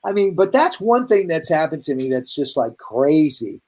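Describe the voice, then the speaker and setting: Animated man telling a story on a video call. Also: a little high, normal speed. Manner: animated storyteller, acts out voices in his anecdotes. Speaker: host, hair educator.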